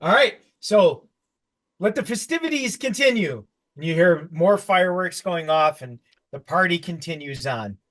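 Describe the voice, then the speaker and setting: Lively, high-voiced male game master. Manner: halting narration with restarts, laughs often. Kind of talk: narrating a tabletop game.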